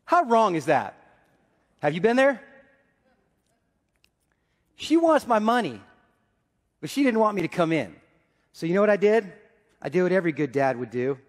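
A man in his forties preaching a sermon as pastor, telling stories and swinging between loud and hushed. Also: high-pitched, sing-song, normal speed, pauses often, in a large hall. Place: church sanctuary.

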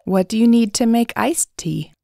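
A woman narrating simple picture descriptions for an English lesson, saying words clearly and repeating them. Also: on the high side, moderate pace, warm tone, dry recording, clean studio sound. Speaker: English teacher.

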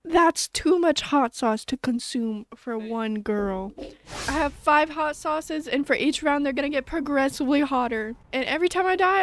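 High-voiced young woman shrieking over gameplay. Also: dry recording. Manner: loud, excitable reactions with frequent shrieks and repeated cries of "no". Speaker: gaming content creator. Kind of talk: gameplay commentary during a hot sauce challenge.

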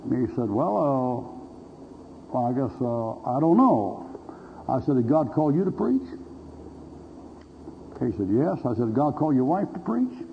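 A man's voice: medium pitch, very animated, a little slow, long pauses. A male pastor preaching a sermon, telling folksy stories with blunt humor and acting out both sides of conversations. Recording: dull lo-fi recording with faint hiss.

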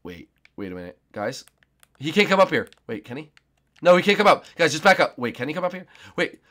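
A young man giving let's play commentary on a game, excitable and often shouting and squealing. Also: mid-range voice, fast. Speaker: gaming YouTuber.

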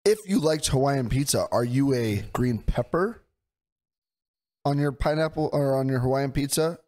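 Hoarse young guy co-hosting a podcast, eager and profane, mid-range voice. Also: mid-range voice, moderate pace. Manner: excitable, swears a lot, laughs often. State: hoarse, voice mostly gone. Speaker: podcast co-host. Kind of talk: casual chat.

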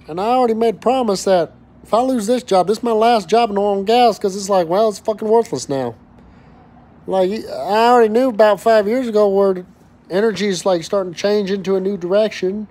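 A fired-up man in his thirties rants to camera, his voice pitched high for a man. He swears constantly, doubles back and restarts his words, and keeps the heat of a worker venting. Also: darkish tone. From West Texas. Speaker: oil and gas worker vlogger. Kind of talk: angry profane rant to camera.

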